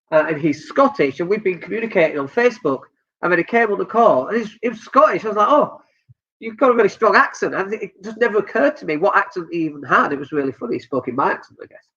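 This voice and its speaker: A man's voice: sits high, pushed and bright, husky, dull audio. A Northern English man giving blunt, joking business advice during a live stream. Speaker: business coach.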